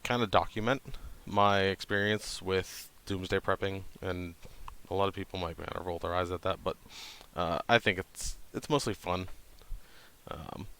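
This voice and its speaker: Man, 30s, deep and a little gravelly, flat monotone delivery, halting, casual to camera. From New Hampshire, USA. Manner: monotone, hesitant with many ums. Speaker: channel host.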